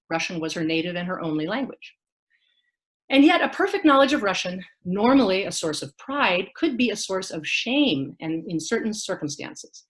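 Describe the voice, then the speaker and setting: Woman giving a lively academic talk. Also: lowish voice. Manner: reads from a prepared text with occasional fillers. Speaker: academic speaker. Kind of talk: academic lecture. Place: online talk.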